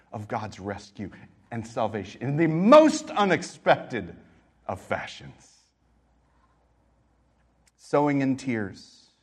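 A middle-aged man preaching a sermon as pastor, telling a personal story and moving between quiet reflection and emphatic exhortation. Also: mid-range voice.

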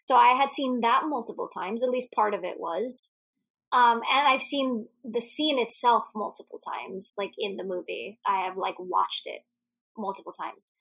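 A woman's voice: fairly high pitch, moderate pace, creaky, fairly bright tone. A woman co-hosting a podcast, chatting casually about a movie, laughing often and swearing freely. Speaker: podcast co-host. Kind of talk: casual movie recap chat.

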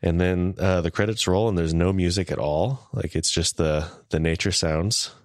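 A man co-hosting a casual podcast discussion, emotional and quick to laugh. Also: sits low, fairly even intonation, no echo, clean studio sound. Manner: warm, emotional, laughs often. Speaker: podcast co-host.

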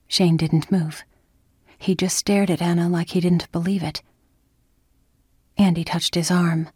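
Woman reading a story aloud, slow and low-pitched, dry close sound. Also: husky, no room sound. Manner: calm, measured, dropping to a whisper in tense moments. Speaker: narrator. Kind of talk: scripted story narration.

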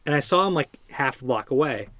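A man's voice: mid-range voice, lively intonation, fairly bright tone, no room sound. Rambling man telling a story. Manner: rambling storyteller, halting restarts. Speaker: podcast co-host. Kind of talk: casual chat.

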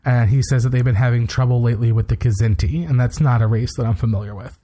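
A man talking through a TV episode for a podcast, acting out lines as he goes. His voice sits at an ordinary middle pitch, and his talk is casual and full of fillers and restarts. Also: fast, warm tone. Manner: retells scenes with quoted lines, many fillers. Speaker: podcast co-host.

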